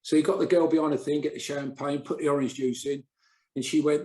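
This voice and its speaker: A chatty man spins long anecdotes, slipping into the voices of the people he quotes. His voice sits a touch high. The room around him echoes noticeably. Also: little pitch movement, a little fast, a little mellow. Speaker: podcast guest, former footballer. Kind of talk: casual storytelling chat. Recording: roomy echo.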